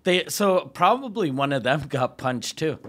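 Brief: male comic co-host, giggly banter, slightly high pitch. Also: expressive. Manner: laughs often, quick bursts, loud mock voices. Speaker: podcast co-host. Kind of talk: casual comedic chat.

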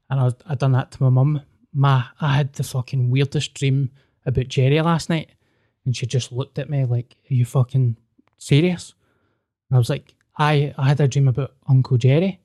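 A man's voice: mid-range voice, moderate pace. Sweary man telling a story. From Scotland. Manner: sweary, animated storyteller acting out dialogue. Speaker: podcast co-host. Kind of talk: casual storytelling chat.

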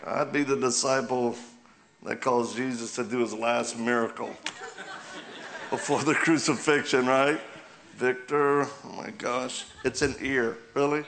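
Male guest preacher, mid-pitched and gravelly, humorous storytelling sermon. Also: steady tone, a little slow, fairly bright tone. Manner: joking, asks the crowd questions, laughs often. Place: church sanctuary.

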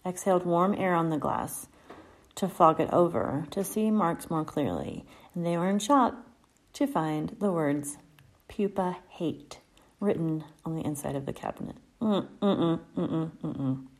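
A woman hosting a casual podcast, telling creepy stories in a laid-back, chatty way and sometimes dropping into a soft whisper. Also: on the low side, expressive, measured pace. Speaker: podcast host.

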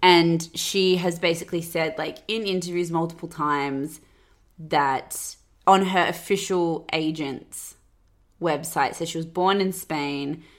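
A low-voiced woman hosts a casual podcast, dishing gossip with chatty sarcasm. She fills her sentences with "like". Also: steady tone, takes it slowly. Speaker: podcast host.

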